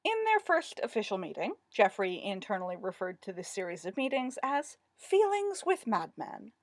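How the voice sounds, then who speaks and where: A woman narrating a story aloud in an expressive, wry reading style. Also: mid-range voice, normal speed, dry recording.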